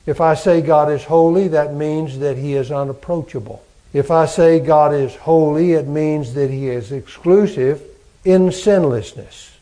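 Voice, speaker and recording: A man preaching a sermon as pastor, slow and emphatic, building on repeated phrases. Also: a little high, mellow.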